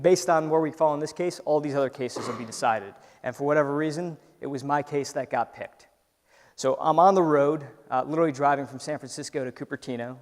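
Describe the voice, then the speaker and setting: Man, stage talk, animated storytelling, medium pitch, long hall reverb. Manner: animated storyteller, acts out his inner voice, frequent "right?". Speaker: entrepreneur giving a talk. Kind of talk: conversational keynote talk.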